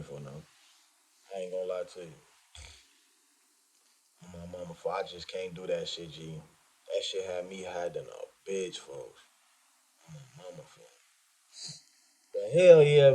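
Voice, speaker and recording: A man telling a personal story in animated, profane, slang-heavy casual talk, tossing in "folks" and "G" constantly. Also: lowish voice.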